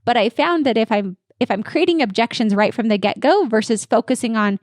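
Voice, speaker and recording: An energetic woman works as a dental practice consultant and answers in a confident coaching manner. Her voice sits fairly high. The recording is dry and close. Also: a little fast, dry recording. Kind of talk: podcast interview answers.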